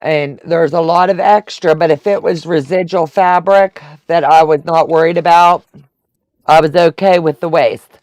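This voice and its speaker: A woman's voice: on the low side, fairly even intonation, moderate pace, darkish tone, no echo. A woman, chatting and laughing as she teaches a quilting live stream. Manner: chatty, laughs often, talks to viewers. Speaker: quilting instructor. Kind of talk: casual live-stream tutorial.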